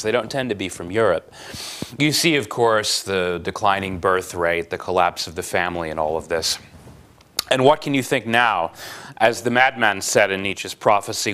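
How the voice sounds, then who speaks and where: A man lecturing to a university class, his pitch rising and falling in a lively, animated way. He poses wry questions to his students and reads a philosophical passage aloud with dramatic flair. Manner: lively, dramatic reading of quotes.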